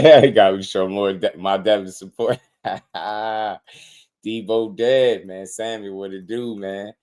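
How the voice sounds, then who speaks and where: A man with a fairly low voice hosts a boxing livestream in a loose, casual chat style. He talks in slang, gets excited quickly and breaks into laughter often.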